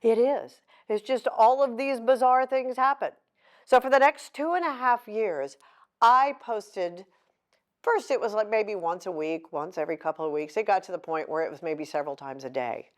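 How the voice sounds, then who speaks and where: A woman's voice: medium pitch, moderate pace. A middle-aged woman author giving a candid, heartfelt talk to an audience, mixing emotion with self-deprecating humor. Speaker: author at a book signing.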